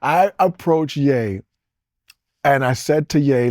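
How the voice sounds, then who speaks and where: A man's voice: medium pitch, slow pace, pauses often, a little mellow, no room sound, studio quality. A man in his forties, originally from the Caribbean, talking as an interview guest in a loose, rambling way that jumps between topics and is broken up by chuckles. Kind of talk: casual storytelling interview.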